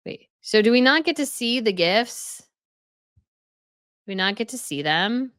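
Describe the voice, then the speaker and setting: एक महिला होस्ट, जो व्यंग्य भरे और तीखे लहजे में एक वीडियो पर टिप्पणी करती है।. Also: female voice, fairly high pitch, expressive, a little slow, long pauses, a bit bright, smooth, no echo, clean studio sound. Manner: sarcastic, scornful running critique. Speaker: commentary channel host. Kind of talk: reaction commentary.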